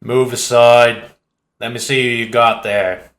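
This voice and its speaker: A man's voice: mid-range voice, a little slow, bright, forceful tone. A man voicing a profane, mocking male pirate boss with an exaggerated Cockney accent, for an audiobook. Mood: taunting. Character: menacing flashy male pirate boss with cane.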